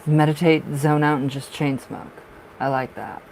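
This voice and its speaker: A man with a raspy smoker's voice doing tarot readings on a livestream, chatting in a rambling way and laughing often. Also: fairly high pitch, measured pace, darkish tone, slight background noise, low-quality recording. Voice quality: raspy from smoking. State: short of breath at times. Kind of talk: casual livestream chat.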